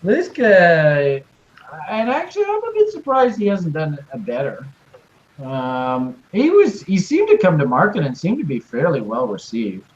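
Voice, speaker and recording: A man's voice: on the high side, wildly swooping pitch, a little slow, muffled recording. A man co-hosting an online trading show, talking casually through price charts in a chatty, hedging way that jumps between points. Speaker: co-host crypto trading commentator. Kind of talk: casual chart analysis talk.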